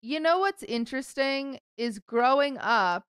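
Young woman co-host, smooth clear voice, higher side, rambling and giggly. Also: animated, unhurried, a bit bright, no echo, clean studio sound. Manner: giggly, rambling, trips over words. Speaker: podcast co-host. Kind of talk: casual chat.

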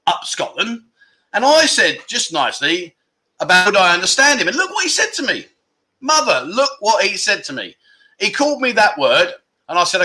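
A man's voice: high voice, bright, forceful tone. A middle-aged man hosting a casual livestream chat, teasing and talking loosely with many restarts. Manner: chatty, teasing, restarts often. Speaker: livestream host.

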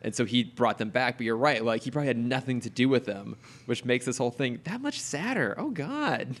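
A man's voice: medium pitch, very animated, a little fast, a bit bright. A man chatting casually as a podcast co-host, rambling with lots of fillers and laughing often. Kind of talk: casual chat about a cartoon episode.

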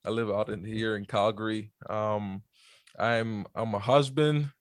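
An easygoing man in his thirties talks casually as a podcast guest. His voice sits fairly low, and he laughs often between relaxed answers. The sound is dry and close. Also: a little slow, dry recording. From New York, USA. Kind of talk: casual interview chat.

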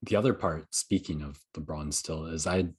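Podcast co-host, man, very low husky voice, loose and rambling. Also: normal speed, darkish tone. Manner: rambling, thinking aloud. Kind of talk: casual sports chat.

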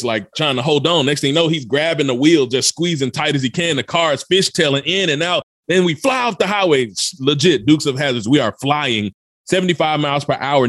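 Speaking with urgency and emphasis, a Memphis-born motivational speaker shares a dramatic personal story as a guest on a podcast. His voice is a little high and a bit bright, captured in clean studio sound without any room sound.

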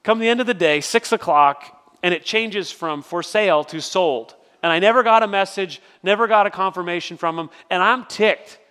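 A man's voice: high-pitched, normal speed, few pauses, bright, forceful tone, clear, resonant tone. A middle-aged man preaching a sermon as pastor, telling stories in a conversational way with frequent restarts. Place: church sanctuary. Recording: long reverb of a large hall.

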